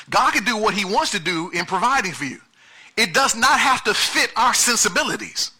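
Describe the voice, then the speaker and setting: Bright, animated man preaching. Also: high-pitched, brisk, slightly rough. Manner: animated preaching, swings from soft asides to loud emphasis. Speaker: pastor. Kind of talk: sermon.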